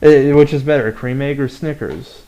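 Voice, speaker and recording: A man's voice: medium pitch, normal speed, muffled recording, a crowd in the background. A tired young man co-hosting a casual podcast over a voice call, hesitant and stammering. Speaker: podcast co-host.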